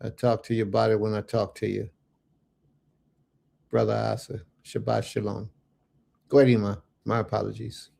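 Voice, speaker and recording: A man hosting a religious livestream, animated and folksy, giving blessings and chatting with his viewers. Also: fairly low pitch, normal speed, creaky, pauses often. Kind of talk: casual livestream chat.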